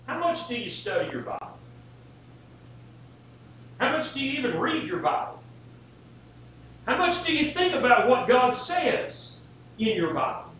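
A man's voice: very high voice, sing-song, unhurried, long pauses, a bit bright, a little hiss or hum. A male preacher delivering a sermon, reading scripture and putting rhetorical questions to the congregation. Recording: very echoey hall, distant mic, dull lo-fi sound.

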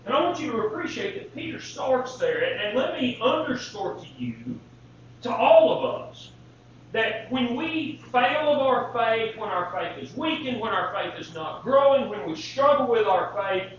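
A male preacher gives a sermon, pressing the congregation with one rhetorical question after another. His voice sits high for a man. It is picked up from a distance in a very echoey church hall, with a dull lo-fi sound. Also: a little hiss or hum.

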